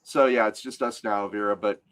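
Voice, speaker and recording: A man's voice: on the low side, steady tone, normal speed. A man from Arkansas, hosting a casual podcast chat, joking and laughing often. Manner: jokey, laughs often, trails off softly. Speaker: podcast host.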